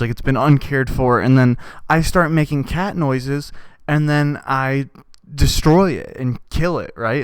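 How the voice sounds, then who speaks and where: A young man rambles through a deadpan comic monologue, tossing in "right?" after nearly every thought. His voice is smooth and resonant, recorded close and dry with no room sound. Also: medium pitch, no echo. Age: young adult. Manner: deadpan, absurd, with many "right?" asides. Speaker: podcast host.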